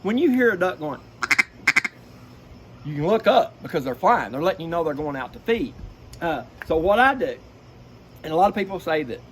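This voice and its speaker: Animated man demonstrating duck calls. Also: fairly high pitch, fairly quick, pauses often. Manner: folksy, animated, imitates duck calls mid-sentence. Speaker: duck-calling expert. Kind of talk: casual explanatory chat with vocal demonstrations. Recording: noisy background.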